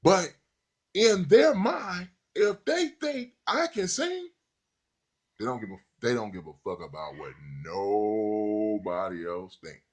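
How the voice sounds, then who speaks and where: Husky man in a profane, rambling monologue. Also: fairly low pitch, takes it slowly. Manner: rambling, profane, animated when quoting others. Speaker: podcaster. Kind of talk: casual monologue.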